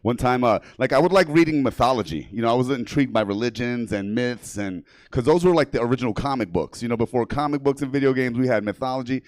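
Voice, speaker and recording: A male stand-up comic working a small room, crude and quick to laugh at his own lines. His voice sits at an everyday pitch, and the sound is dry and close. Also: dry recording. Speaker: stand-up comedian. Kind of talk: stand-up comedy. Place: small comedy theater stage.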